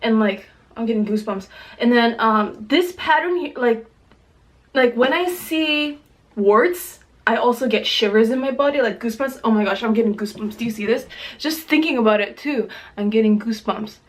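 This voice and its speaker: A woman hosting a casual food vlog at home, chatty and excitable as she eats and describes each dish, teary from spicy food. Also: fairly high pitch, normal speed. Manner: chatty, excitable, exclaims often. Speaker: mukbang host.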